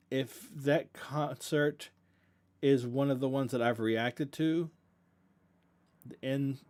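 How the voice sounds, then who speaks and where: He's a young reaction channel host with a Southern accent from the US South, his voice pitched on the high side with a darkish color. Hosting an informal livestream Q&A, he rambles earnestly, fixes his own words midstream, and sounds grateful.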